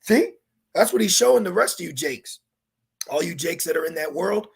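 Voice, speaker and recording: A man's voice: sits high, lively intonation, moderate pace, creaky, slightly rough. A man giving an emphatic scripture lesson as a religious teacher, mixing preaching with street slang.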